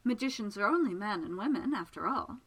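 A woman's voice: medium pitch, lively intonation, a little fast, breathy edge. A woman reading the part of a confident, amused female magician in a story, speaking in a teasing, assured way. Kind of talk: audiobook character reading.

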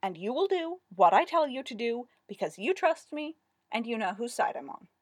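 A no-nonsense female business director, voiced by a woman narrator lays down the rules sternly and patiently. The voice is fairly high with lively pitch movement. The sound is close and dry. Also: moderate pace, breathy edge, no echo.

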